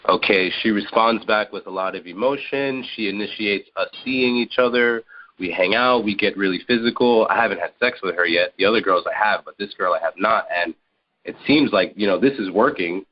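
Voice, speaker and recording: Low-voiced male caller rambling. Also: fairly quick, lo-fi sound. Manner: rambling, heavy use of "like". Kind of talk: casual question to hosts.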